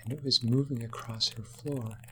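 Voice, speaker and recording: A woman telling a spooky Halloween story to children, slow and hushed, sometimes dropping into whispers. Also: extremely low pitch, steady tone.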